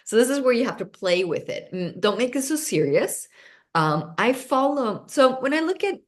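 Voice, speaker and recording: A woman hosting an online seminar, talking in a lively, bubbly and intense way. She speaks English as a second language, her first being Swedish. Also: a little high, moderate pace. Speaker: seminar host.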